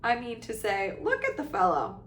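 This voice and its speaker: A woman voicing a loud, hearty male ghost huntsman in a booming, jovial manner. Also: wildly swooping pitch, normal speed, echoey room, a little hiss or hum. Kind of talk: audiobook reading.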